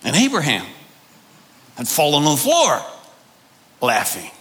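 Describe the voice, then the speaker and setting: Man, pastor, sermon, emphatic, rhetorical questions, slow-paced, bright tone. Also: a little high, huge pitch swings. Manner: drawn-out, deliberate delivery with pauses.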